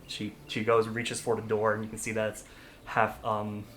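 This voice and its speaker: Halting male dungeon master narrating. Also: on the low side, monotone, a bit bright, slight background noise. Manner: halting, with many restarts. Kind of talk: narrating a tabletop game.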